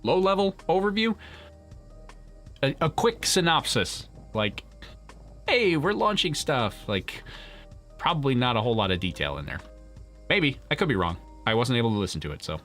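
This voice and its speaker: Speaking at a moderate pace with frequent pauses, a man hosts a launch livestream in a medium-pitched, fairly bright voice with big pitch swings. He casually reads chat and answers viewers, rambling, restarting, and laughing often, as soft music plays in the background.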